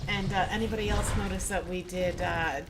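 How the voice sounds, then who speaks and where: A woman from Canada hosting an esports stream, giving relaxed, chatty game commentary and laughing often. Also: lowish voice, fairly quick, music in the background. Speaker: esports caster and stream host. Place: home streaming setup. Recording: steady background noise.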